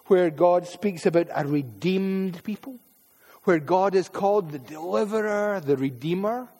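A Scottish man preaching in church, his voice sitting high for a man. He is emphatic, often repeating words and slipping into asides. A long reverb trails off every phrase. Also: a little mellow. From Paisley, Scotland. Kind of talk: sermon.

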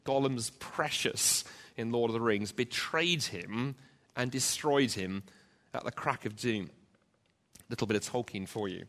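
A man preaching an emphatic sermon to a church congregation, driving points home with rhetorical repetition. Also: medium pitch. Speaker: pastor. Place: church, also live-streamed.

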